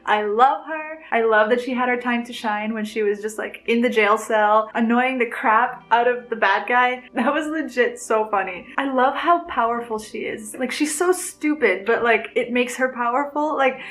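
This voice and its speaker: A woman's voice: fairly high pitch, normal speed, hardly any pauses, fairly bright tone, rough recording. A woman vlogger chatting to camera about a film she loves, gushing and giggly, rambling with restarts. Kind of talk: casual chat to camera.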